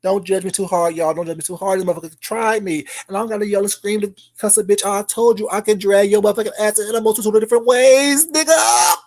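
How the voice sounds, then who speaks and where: A YouTuber ranting in a call-out vlog, loud and profane, taunting, repeating a name mockingly and swinging between shouts and low mutters. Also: steady tone, fast, hardly any pauses.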